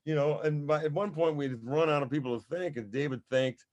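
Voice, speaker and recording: A man in his sixties, a musician guest, telling stories in casual, profane, animated chat. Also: fairly high pitch, fairly quick. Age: 60s. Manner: profane, animated storytelling with voiced asides.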